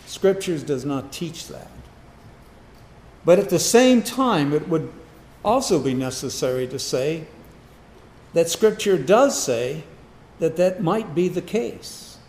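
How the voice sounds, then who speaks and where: A man's voice: fairly high pitch, big pitch swings, slow pace, long pauses, a little mellow. A man preaching a Sunday morning sermon, asking the congregation rhetorical questions and repeating key words for emphasis. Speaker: pastor. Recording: echoey room.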